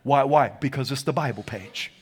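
A man preaching a sermon to a congregation in church, animated and calling for responses, dropping to a hush and rising to shouts. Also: medium pitch, normal speed, breathy edge. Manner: animated, swings from hushed to shouting. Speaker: pastor.

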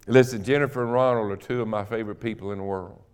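A middle-aged man, a guest preacher in a church, telling his own conversion story and building to loud, emphatic preaching. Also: lowish voice, steady tone, fast, clean tone. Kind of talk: sermon. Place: church sanctuary.

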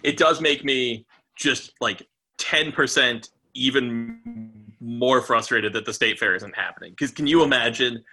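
A man's voice: medium pitch, lively intonation, unhurried, gravelly, pushed and bright, soft background music. A man co-hosting a sports podcast, laid-back and joking in casual chat. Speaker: podcast co-host.

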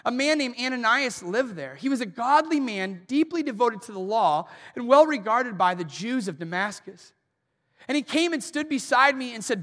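Bright high-voiced pastor in a reverberant hall. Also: male voice, moderate pace. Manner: animated storytelling, acting out quoted voices. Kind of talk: sermon. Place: church auditorium. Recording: long reverb of a large hall.

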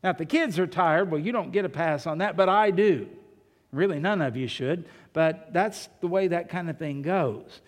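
A man with a slightly high voice speaks at a moderate pace, preaching a sermon in church. He talks conversationally, poses rhetorical questions and tells funny anecdotes, all carried by the long reverb of a large hall.

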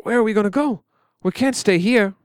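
Man doing a bossy scared big brother, high and yelly. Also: fairly quick, clear, resonant tone, no echo, clean studio sound, close to an everyday voice. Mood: worried. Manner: yelling, impatient.

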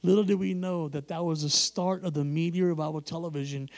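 A man preaching in an animated way, his voice sitting high for a man. He acts out the people in his story and breaks into laughs as he goes. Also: a little fast. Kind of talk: sermon storytelling.

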